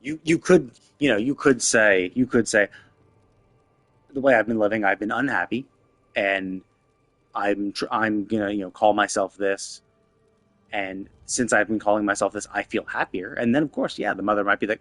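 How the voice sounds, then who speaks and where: A man's voice: fairly low pitch, moderate pace, fairly bright tone, no room sound. A man streaming a game, ranting in a casual, exasperated way, with many restarts and fillers. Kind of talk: casual game commentary rant.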